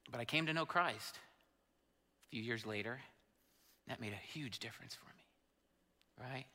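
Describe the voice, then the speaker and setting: A man's voice: medium pitch, measured pace, pushed and bright. A man in his fifties, a pastor telling an emotional personal story in a sermon. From Indiana, USA. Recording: long hall reverb.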